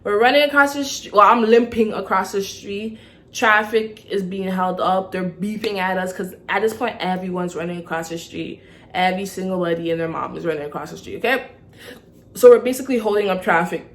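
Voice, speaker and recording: A young woman tells a story to her vlog viewers in a lively way, often asking "okay?". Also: medium pitch, a little fast. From Toronto, Canada. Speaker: vlogger.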